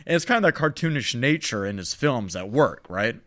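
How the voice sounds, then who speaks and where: A man's voice: mid-range voice, sing-song, brisk, a bit bright. A young man co-hosting a podcast, chatting casually about films in a rambling way with lots of fillers. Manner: rambling, many "like" fillers, chuckling. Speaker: podcast co-host.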